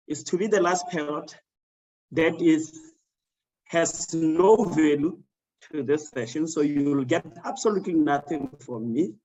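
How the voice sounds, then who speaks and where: A man moderates an online panel over a video call, speaking in a measured, formal way. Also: on the high side, a little mellow, dull audio.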